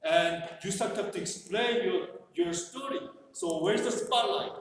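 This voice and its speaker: A man's voice: high-pitched, measured pace. A man presenting a workshop to a live group, talking in a conversational, joking way with many "you know" fillers. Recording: echoey hall from far off, faint noise.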